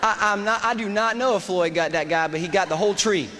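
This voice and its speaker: A man in his forties, an army veteran telling a war story as a speech, animated and acting out the dialogue. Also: sits high, quick pace. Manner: animated, acts out dialogue and shouts quoted lines. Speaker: motivational speaker and army veteran. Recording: reverberant hall with faint noise.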